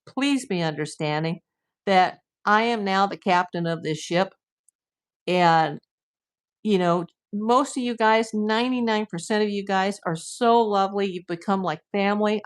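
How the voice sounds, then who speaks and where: A woman hosting her own livestream, talking casually and bluntly, acting out what her commenters say and laughing easily between points. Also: on the low side. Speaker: livestream host.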